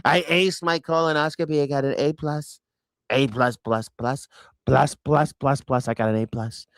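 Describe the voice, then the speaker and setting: A man's voice: mid-range voice, fairly even intonation, moderate pace, dry recording, clean studio sound, natural voice. A man putting on the voice of a confused, boastful old man who rambles and repeats himself. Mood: rambling.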